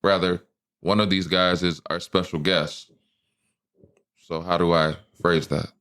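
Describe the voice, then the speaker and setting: A man with a lowish voice hosts a casual podcast with friends. He jokes around and swears freely in loose, relaxed banter. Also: measured pace. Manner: joking, profane banter. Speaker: podcast host.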